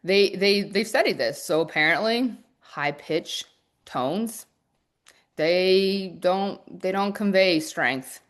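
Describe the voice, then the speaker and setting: A woman coaching her audience on a live stream, with a voice a touch lower than most women's. She speaks quickly and with lots of energy, often restarting her sentences mid-thought and tumbling forward into the next point. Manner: fast-talking, energetic; restarts and fillers. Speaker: business coach. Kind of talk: live-stream teaching talk.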